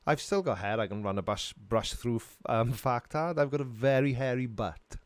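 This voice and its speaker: A man's voice: medium pitch, normal speed, no echo. Welsh man, middle-aged, rambling, jokey, laughs often, live stream host, home studio, dry sound. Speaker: live stream host answering chat questions. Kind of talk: casual live stream chat.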